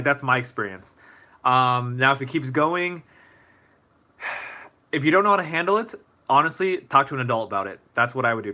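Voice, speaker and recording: A young man with a bright, forceful voice hosts a casual livestream Q&A, talking straight to his viewers. He rambles a little, leaning on fillers and restarting his sentences as he thinks aloud, and his pitch sits in the middle for a man. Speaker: motivational speaker answering viewer questions. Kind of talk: casual live Q&A.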